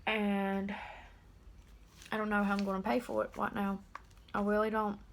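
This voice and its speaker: An eighteen-year-old woman talking straight to camera in a personal confessional vlog, subdued and halting. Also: mid-range voice, completely flat delivery, a little hiss or hum. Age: about 18. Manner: subdued, halting and openly emotional. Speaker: vlogger.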